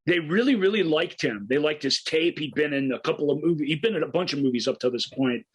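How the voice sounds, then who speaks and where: A man's voice: a little high, expressive, fast, husky, rough recording. A man co-hosting a film podcast, enthusiastically retelling scenes in a casual, rambling way with frequent restarts.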